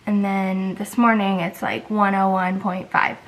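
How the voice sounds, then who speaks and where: A woman's voice: medium pitch, flat delivery, unhurried, poor audio. A sick woman with a congested voice, chatting casually and rambling through a home vlog. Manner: tired, rambling, many likes and restarts. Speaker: vlogger.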